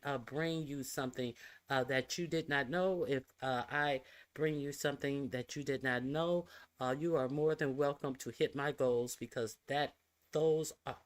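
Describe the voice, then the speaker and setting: Livestream news host, lots of uhs, stop-start, mid-pitched voice. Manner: halting, full of "uh" fillers. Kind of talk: casual livestream news talk.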